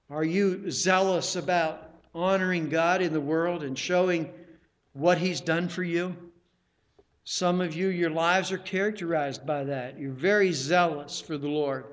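A man with a fairly high voice delivers a sermon at an unhurried, measured pace. He presses his listeners with direct questions and circles back over key phrases to drive them home. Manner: deliberate, repeats phrases for emphasis; exhorting the congregation with questions. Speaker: preacher.

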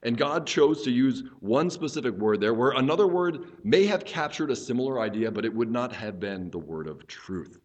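A man's voice: medium pitch, expressive, moderate pace, hardly any pauses, dull audio. A man preaching an expository teaching sermon as a pastor, explaining earnestly and often restarting his phrases as he thinks aloud.

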